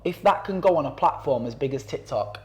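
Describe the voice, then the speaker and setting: A man's voice: fairly high pitch, fairly quick. A man, a campaigner talking casually on a podcast, rambling with fillers and restarts and acting out quotes in voices. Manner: animated storyteller who acts out quotes in voices. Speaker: anti-knife-crime campaigner and guest.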